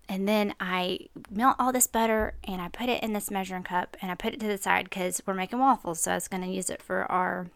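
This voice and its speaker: Chatty woman with a gravelly edge. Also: mid-range voice, fairly even intonation, a little fast, few pauses, dry recording. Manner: chatty, self-deprecating, lots of fillers and laughs. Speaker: podcast host. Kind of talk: casual storytelling monologue.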